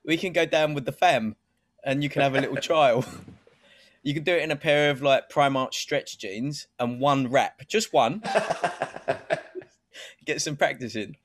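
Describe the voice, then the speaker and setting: Casting: joking British bloke co-host, dry close-miked sound. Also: male voice, medium pitch, measured pace, pauses often, dry recording. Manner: joking, teasing, laid-back. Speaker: podcast co-host. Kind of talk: casual banter.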